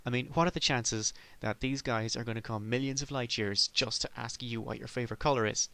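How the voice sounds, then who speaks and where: A man's voice: mid-range voice, steady tone, a little fast, gravelly, pushed and bright. A man voicing a skeptical, dismissive female TV agent in a mocking tone.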